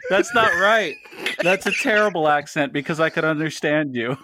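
Brief: higher-voiced man, lively ups and downs, laughing host on a home mic. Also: normal speed, a little hiss or hum. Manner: laughs often, swears, lively storytelling. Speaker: podcast co-host. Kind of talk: casual gaming podcast chat.

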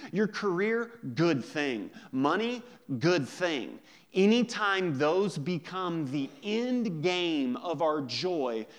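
A man pastor preaching a sermon in a conversational, joking way, drawing out key words slowly for emphasis. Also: a little high, a bit bright.

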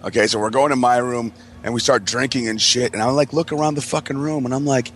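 A man's voice: medium pitch, steady tone, fast, a little hiss or hum. Profane rambling male storyteller. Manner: profane, rambling, acts out quotes. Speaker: podcast co-host. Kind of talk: casual storytelling chat.

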